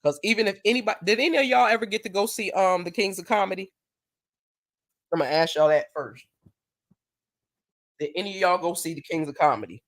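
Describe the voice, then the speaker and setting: A woman hosting a casual live stream, chatting and telling stories, acting out what people said in a higher voice. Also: brisk, pauses often, no echo, clean studio sound. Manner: animated storyteller who acts out quotes in a higher voice.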